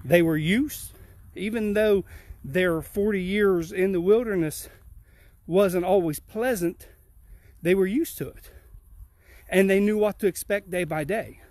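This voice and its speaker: A man's voice: high voice, measured pace, darkish tone, no echo. A man giving a devotional message as a pastor while walking uphill outdoors, slightly out of breath, with an earnest, repetitive preaching rhythm. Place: outdoors on a rural hill.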